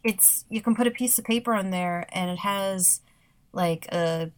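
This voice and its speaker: A woman's voice: medium pitch, a little slow. A woman in casual podcast chat, talking hesitantly with many fillers and small laughs.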